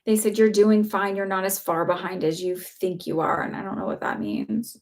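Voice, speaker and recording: A woman's voice: mid-range voice, fairly even intonation, moderate pace, darkish tone. A woman giving a live psychic reading, chatty and reassuring, with lots of fillers. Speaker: psychic reader. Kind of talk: live-stream reading, casual chat.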